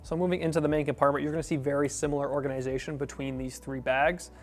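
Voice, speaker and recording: A man's voice: a little high, quick pace. Casual man reviewing travel bags. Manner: relaxed, rambling, with fillers and restarts. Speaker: gear reviewer.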